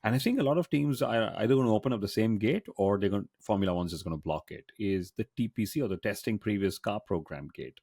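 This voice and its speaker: Low-voiced guy hosting a casual racing podcast, jokey storyteller, dry close mic. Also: expressive, fast, hardly any pauses, darkish tone, slightly rough, no echo. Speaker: podcast host.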